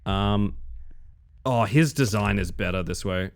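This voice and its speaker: A man's voice: lowish voice, unhurried, gravelly, a little hiss or hum. A man streaming a horror game live, commenting casually, swearing freely and talking to his chat. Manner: animated, swears freely, chats with viewers.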